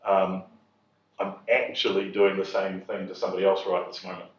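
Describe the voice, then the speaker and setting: A man's voice: sits low, monotone, brisk. A man telling a humorous story to an audience at a property investors' event, chuckling at his own punchlines. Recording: echoey hall, distant mic, dull sound.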